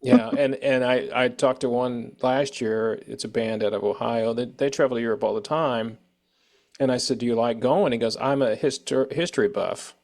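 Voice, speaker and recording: A man's voice: medium pitch, normal speed, creaky, a little mellow. An American man hosting an interview, rambling casually and acting out quoted people. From United States. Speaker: show host.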